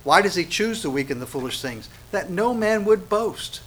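Bright-voiced man preaching a sermon. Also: high-pitched, lively intonation, moderate pace. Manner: emphatic preaching, swings between loud stresses and soft asides. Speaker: pastor.

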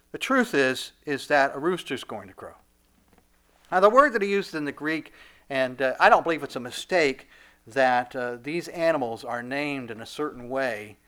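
A man's voice: mid-range voice, a bit bright. A male pastor preaching a sermon, emphatic and repetitive, often stumbling over restarts.

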